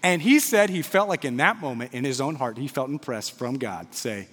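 Preacher telling a story in a reverberant church. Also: male voice, medium pitch, lively intonation, normal speed, breathy edge. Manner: storytelling with shifts from loud to quiet. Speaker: pastor. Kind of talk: sermon.

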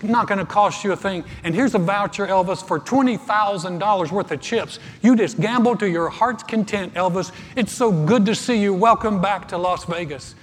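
A man voicing an excited, fawning male hotel concierge who rushes his words, in a sermon joke. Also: sits high, pitched above the performer's own voice. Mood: gushing. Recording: live church recording with long reverb.

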